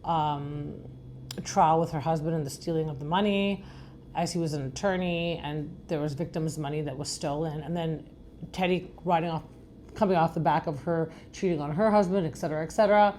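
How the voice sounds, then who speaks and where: A middle-aged woman with a low, raspy, slightly husky voice hosts a podcast recap. She talks in a frank, rambling, casual way and often circles back to her point. She is from Iran. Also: brisk, dark tone, a little hiss or hum. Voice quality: deep, raspy voice. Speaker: podcast host.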